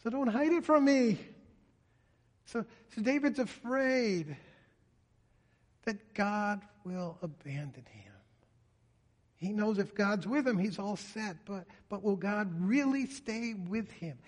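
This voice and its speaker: A man's voice: sits high, expressive, slow pace. A man preaching a sermon in an earnest way, often voicing a psalmist's pleas in prayer. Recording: reverberant hall.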